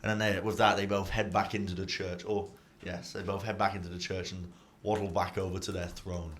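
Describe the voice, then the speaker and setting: A man's voice: deep voice, little pitch movement, fairly quick, fairly bright tone, a little hiss or hum. A man narrating as game master of a tabletop roleplaying game, playful and laughing. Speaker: dungeon master.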